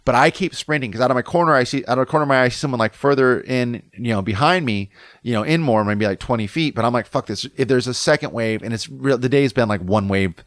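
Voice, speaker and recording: A man's voice: mid-range voice, quick pace, dry recording, studio quality. A man hosting a podcast, telling a story casually in a rambling, self-mocking way full of swearing and fillers. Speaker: podcast host.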